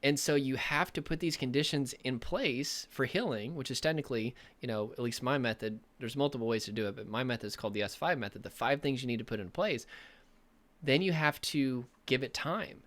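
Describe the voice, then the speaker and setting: Brief: male recovery coach, motivational talk to camera, earnest and emphatic, mid-pitched voice. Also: fairly quick, fairly bright tone.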